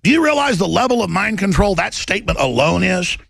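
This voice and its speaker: A man hosting a talk show, delivering an impassioned, urgent monologue that bursts into shouting. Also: sits high, sing-song, brisk, creaky, breathy edge, no room sound.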